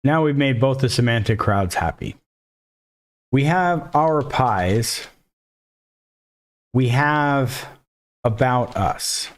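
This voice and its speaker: A man's voice: medium pitch, lively intonation, slow, pauses often. Joking man thinking aloud while coding. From Mexico. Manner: jokey, thinks aloud, self-deprecating asides. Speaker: coding instructor. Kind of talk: casual screen-recorded coding lesson.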